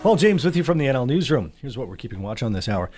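A man anchors a local radio newscast in a brisk, measured manner. His voice sits in a middle pitch and stays steady through each item. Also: faint music behind. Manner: brisk, measured news delivery.

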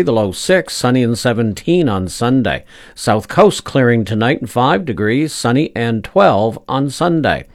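A man reading a radio news bulletin and weather forecast in a measured, formal way from a radio studio. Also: mid-range voice, no room sound. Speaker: newsreader.

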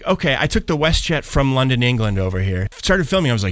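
A man from Pittsburgh, a traveling musician, telling stories in a casual interview with lively enthusiasm. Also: mid-range voice, fairly quick, few pauses, dry recording. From Pittsburgh, USA. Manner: enthusiastic, animated storyteller.

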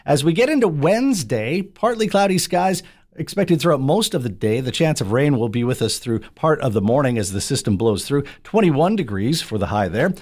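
A man reading local radio news and weather in a brisk, clipped headline style. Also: medium pitch, expressive, darkish tone. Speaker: newsreader.

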